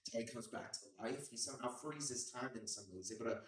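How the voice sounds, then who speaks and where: A man doing a rambling open-mic stand-up set with slangy talk and sudden shouted bits, from a club stage. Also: medium pitch, fast, very echoey, recorded from a distance, rough recording. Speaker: stand-up comedian.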